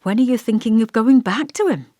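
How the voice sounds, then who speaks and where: An earnest young woman, voiced by a woman narrator, tentative and coaxing, her pitch lifting and falling a lot. The sound is close and dry. An audiobook read with light touches of character. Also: very animated, moderate pace, darkish tone, dry recording. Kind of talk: audiobook dialogue reading.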